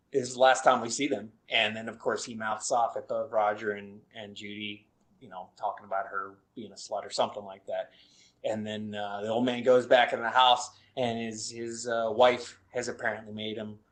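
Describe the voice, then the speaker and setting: A man co-hosting a horror film podcast, retelling scenes in a rambling, halting way in casual chat. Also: on the low side, little pitch movement. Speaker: podcast co-host reviewing horror films.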